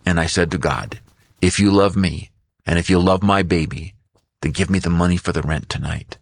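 A man's voice: deep voice, normal speed, breathy edge, no room sound, voice pushed down. A man voicing a tearful, desperate waitress. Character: desperate tearful young single mother.

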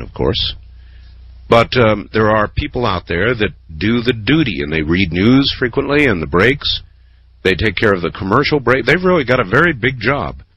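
A man's voice: lowish voice, lo-fi sound, slight background noise. A man hosting a late-night call-in radio show, chatting easily with callers. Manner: relaxed, chatty, lively phrasing. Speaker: radio talk show host.

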